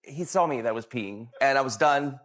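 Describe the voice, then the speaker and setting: A man on a talk show, slowly telling an embarrassing story about his little son. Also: medium pitch, fairly bright tone.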